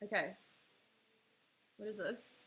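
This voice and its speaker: A young woman chatting casually on a livestream, excitable and quick to laugh at herself. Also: mid-range voice, breathy edge. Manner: excitable, laughing often, self-deprecating groans. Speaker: illustrator streaming live. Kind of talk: casual livestream chat while playing a drawing game.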